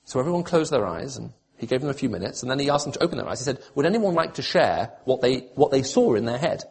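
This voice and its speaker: Husky preacher, pleading then wry. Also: male voice, mid-range voice, sing-song, fast. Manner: pleading, rising loud when quoting God, then dry self-mocking humour. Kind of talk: sermon.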